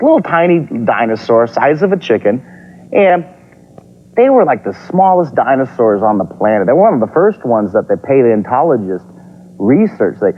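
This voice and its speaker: A man hosting a kids' drawing lesson on TV, walking viewers through each pencil line in an upbeat, encouraging way. His voice is mid-pitched and lively, rising and falling a lot. The sound is muffled and lo-fi, like an old taped broadcast. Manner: upbeat, encouraging, talks while sketching. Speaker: TV drawing teacher and host. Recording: dull lo-fi TV broadcast copy.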